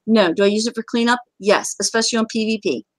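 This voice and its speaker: A woman's voice: a little high, fast, no echo. A woman hosting a casual gaming chat, talking in a chatty, joking way with sudden exclamations. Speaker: game community host.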